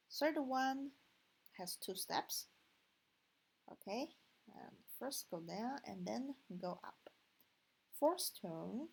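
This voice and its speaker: A woman's voice: medium pitch, vocal fry, slightly rough, low-quality recording. A woman with a Chinese accent teaching a language lesson online, patient and explaining step by step with frequent "okay". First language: Mandarin Chinese.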